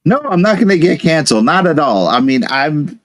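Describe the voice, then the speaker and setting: A man's voice: a little high, sing-song, brisk, a crowd in the background. A man co-hosting a casual chat show, rambling through his stories with stumbling restarts. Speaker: co-host.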